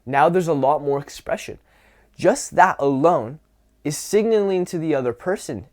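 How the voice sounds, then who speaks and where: A man coaching on social skills in a casual instructional talk, relaxed and grounded, slowing his words for emphasis. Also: fairly high pitch. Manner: demonstrative, swings from whisper to loud to show vocal dynamics; relaxed, grounded, drawn-out delivery with sighs.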